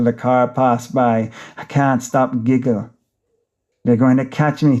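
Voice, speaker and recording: A man's voice: mid-range voice, fairly even intonation, a little slow, dark tone, lo-fi sound. A man with a Jamaican accent reading an audiobook, narrating a frantic, rambling first-person inner monologue in patois.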